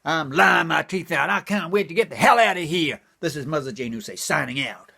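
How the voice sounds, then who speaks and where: Lively folksy older stand-up comedian. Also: male voice, on the high side, a little fast, creaky, husky. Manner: folksy old-timer patter, repeating punchlines. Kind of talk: stand-up one-liners.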